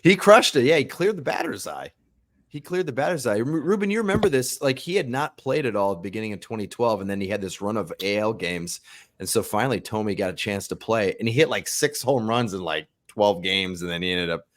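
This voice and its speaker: Brief: low-pitched male host, upbeat, chatty sports storyteller. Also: expressive, fairly quick. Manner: upbeat storyteller, laughs easily. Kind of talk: casual sports talk.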